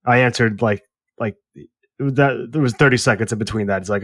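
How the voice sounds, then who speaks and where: A man co-hosting a movie podcast, telling an exasperated story in casual, animated chat with some swearing. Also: fairly low pitch, fast, no echo, studio quality. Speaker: podcast co-host.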